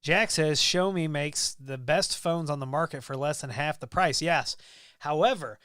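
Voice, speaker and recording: A man hosts a casual tech livestream, joking with viewers and reading their comments aloud. His voice is smooth and a little raised, and it is recorded close on a dry mic. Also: a little high, measured pace, fairly bright tone, dry recording. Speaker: livestream host.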